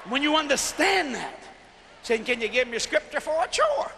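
A man preaching at a big revival crusade in a folksy, joking style, shouting lines and then dropping to a low voice. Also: big pitch swings, moderate pace, creaky, faint music behind. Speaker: guest preacher. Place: large arena crusade. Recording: live arena sound with reverb.

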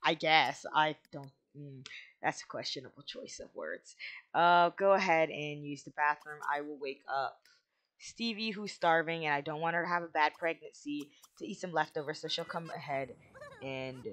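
Excitable let's play host with a bright, sharp tone. Casual commentary with goofy exclamations and sudden squeals. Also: mid-range voice, moderate pace. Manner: excitable, bursts into squealing shouts.

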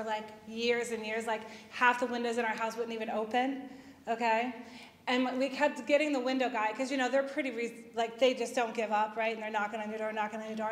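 Woman telling stories to a parish crowd, kinda high voice, lots of likes and ums, big echoey hall. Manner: chatty, with many fillers and quoted dialogue. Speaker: speaker at a parish talk. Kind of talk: personal storytelling talk.

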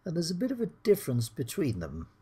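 A middle-aged British man with a husky voice, teaching English slowly and clearly over slides. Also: a little high, wildly swooping pitch, mellow. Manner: slow, clear teaching delivery, acts out the dialogue lines.

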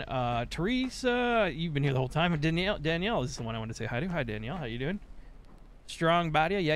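A man's voice: a little high, slight background noise. A man streaming gameplay, talking loosely and profanely with jokes. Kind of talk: casual live gameplay commentary.

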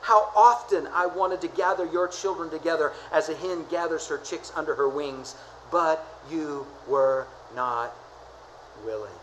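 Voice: mid-range voice, steady tone, moderate pace, few pauses, a bit bright, a little hiss or hum, close to an everyday voice, rough recording. A preacher voicing Jesus as a grieving man, pleading with a lamenting tone. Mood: sorrowful.

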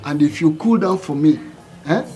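A man's voice: fairly high pitch, moderate pace, warm tone, soft background music, close to an everyday voice. An older man with a Nigerian accent, playing a broke, boastful father who pleads and whines with his creditor. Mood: wheedling. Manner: wheedling, self-pitying, rising to a whine. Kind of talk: Nollywood film acting.

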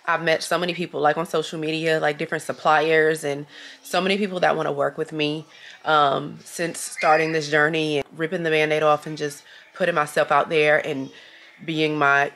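A woman vlogging casually to her camera at home, gushing and excitable, with lots of ums and likes. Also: deep voice, moderate pace. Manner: gushing and excitable, with many fillers. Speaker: small business owner and vlogger.

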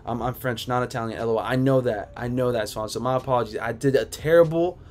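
A man's voice: mid-range voice, quick pace, faint music behind. Laid-back man reading chat comments. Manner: laid-back, rambling, shouts out viewers. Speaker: sneaker livestream host. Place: home room.

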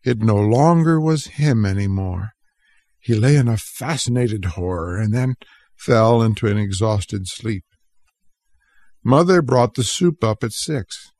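A man narrating a story aloud as an audiobook for English learners, reading clearly and deliberately. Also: lowish voice, animated, a little mellow, no room sound, studio quality.

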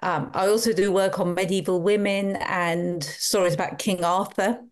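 A woman in her sixties, a guest scholar, answering interview questions in a measured, articulate way. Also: fairly low pitch, fairly even intonation.

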